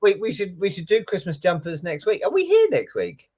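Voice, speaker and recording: A man's voice: high-pitched, wildly swooping pitch, fairly quick, darkish tone, husky. A man, a police officer co-hosting, chatting casually over a video call in an easygoing, hesitant way with plenty of fillers. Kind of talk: casual chat.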